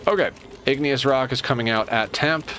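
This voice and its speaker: A man's voice: mid-range voice, moderate pace, fairly bright tone, slight background noise. Man muttering through a building game. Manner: muttering to himself while planning. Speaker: streamer. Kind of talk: casual gameplay commentary.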